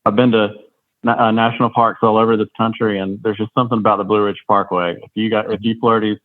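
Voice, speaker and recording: This man in his thirties speaks with a light North Carolina Southern accent and a fairly low voice. He rambles along in a friendly way, often restarting his sentences. His voice comes through a dry, tinny, phone-like line. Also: level tone, quick pace, dry recording. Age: 30s. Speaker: podcast guest. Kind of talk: casual interview chat.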